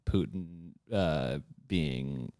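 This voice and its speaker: A man's voice: rumbling low, extremely slow, darkish tone, dry recording, clean studio sound. A man co-hosting a podcast in casual chat, telling rambling, self-deprecating stories full of fillers. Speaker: podcast co-host.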